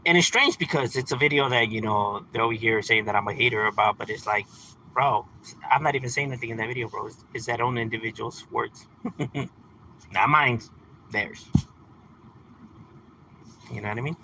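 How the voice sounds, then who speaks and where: A man's voice: medium pitch, moderate pace, pauses often, sharp tone, a little hiss or hum, rough recording. A man in his thirties from California, talking casually on a livestream in a laid-back, slangy way and laughing often. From San Fernando Valley, California. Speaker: livestream host.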